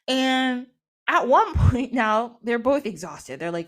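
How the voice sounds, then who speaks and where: A woman casually retelling a myth, animated and laughing often as she acts out the quotes. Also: on the high side, slow pace. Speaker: podcast guest or host.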